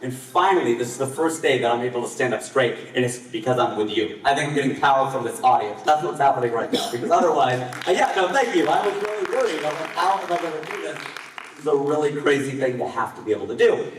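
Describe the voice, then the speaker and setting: A man in his late forties performing a live stand-up comedy set on a festival stage, with his voice jumping up in pitch and volume on the punchlines. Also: expressive, fast talker, a little hiss or hum. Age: 40s. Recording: echoey hall, voice from far off.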